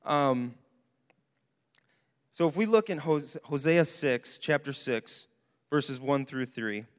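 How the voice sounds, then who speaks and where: A young adult man giving a casual, animated sermon to a young adults service, with bursts of exclamation. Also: medium pitch, slow. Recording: long hall reverb.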